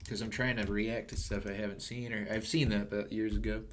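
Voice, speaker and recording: A man's voice: on the low side, little pitch movement, a little fast. A man casually chatting on his reaction stream, offhand and mumbling.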